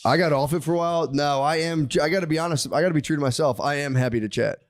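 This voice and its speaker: A man co-hosting a comedy podcast, chatting casually, laughing often and dropping quieter while telling stories. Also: on the high side, rapid-fire. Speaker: podcast co-host.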